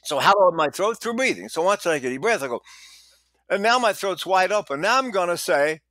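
A man's voice: high voice, animated, a little fast, fairly bright tone, no room sound. A man in his eighties with a Texan accent, an old opera singer and voice teacher, telling stories and demonstrating breaths and vowels as he talks. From Texas. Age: 80s. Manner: storytelling, demonstrates vowels and breaths mid-sentence. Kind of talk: conversational interview, teaching.

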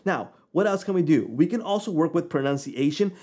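Casual man walking through software. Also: fairly high pitch, brisk. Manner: relaxed, conversational, informal. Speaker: software tutorial host. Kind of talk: casual screen-recording walkthrough.

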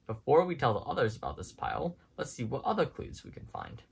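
A man reading as a level-headed cowboy toy sheriff in a storybook, keeping his voice low and calm. The delivery still rises and falls with lively shape, and the tone is a touch husky. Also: a little fast, full character voice. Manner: calm, reassuring, lower voice. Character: steady cowboy toy sheriff, male leader.

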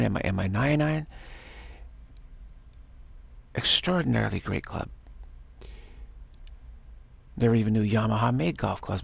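A man's voice: on the low side, gravelly, husky, no echo. A man telling a rambling, enthusiastic story in a casual monologue, often restarting his sentences.

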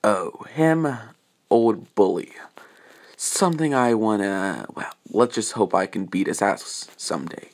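A young man improvising a fan-fiction story aloud, rambling with many fillers and restarts, dropping into a slow, menacing tone for the hero's lines. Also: lowish voice, animated.

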